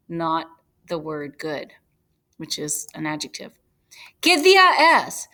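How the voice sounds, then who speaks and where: Bright-voiced woman teaching Spanish. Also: mid-range voice. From United States. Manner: patient, explains step by step, spells out words slowly. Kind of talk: recorded slide lesson.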